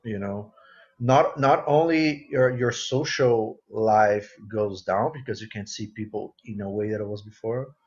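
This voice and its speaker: A man's voice: lowish voice, measured pace, husky, lo-fi sound. A man, a guitarist guest, speaks earnestly with phrasing about his work, in a casual interview. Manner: earnest, expressive, non-native phrasing.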